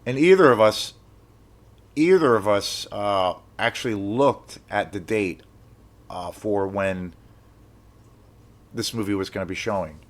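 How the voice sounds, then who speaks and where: A young man telling a rambling, animated story in a casual vlog, swearing when he gets excited. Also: fairly low pitch, measured pace, long pauses. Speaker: film vlogger.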